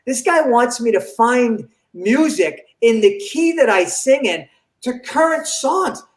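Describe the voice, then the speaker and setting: Older male comedian, high voice, animated storyteller acting out quotes, roomy echo. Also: takes it slowly. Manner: animated, acts out quoted dialogue. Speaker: comedian guest. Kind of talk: storytelling in an interview.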